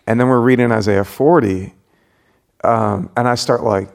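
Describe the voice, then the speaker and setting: A man's voice: mid-range voice, fairly even intonation, normal speed, vocal fry. A man who is a pastor, hosting a casual interview, talking reflectively with many fillers and restarts. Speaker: pastor and podcast host.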